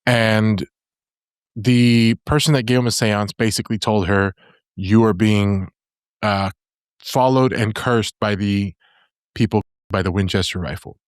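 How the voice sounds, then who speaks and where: A man with a low voice tells a story to his podcast co-hosts in a loose, easygoing way, circling back and restarting his sentences as he goes. The sound is dry and close to the mic. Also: unhurried, smooth, no echo. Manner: easygoing, rambling with fillers and restarts. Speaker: podcast presenter.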